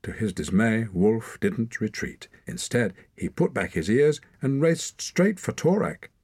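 A man narrating an adventure audiobook in a measured, expressive storytelling voice. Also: on the low side, husky, no room sound. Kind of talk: scripted narration.

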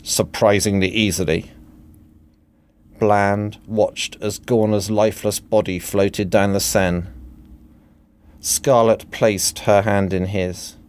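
A man reading a comic book parody aloud in a dry, deadpan manner. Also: fairly low pitch, slow pace, clear, resonant tone. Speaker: narrator.

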